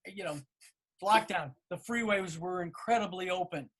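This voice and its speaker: A man's voice: sits high, moderate pace. A middle-aged man co-hosting a podcast over a video call, telling stories and acting out what others said. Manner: storytelling, animated quoting of others. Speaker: podcast co-host.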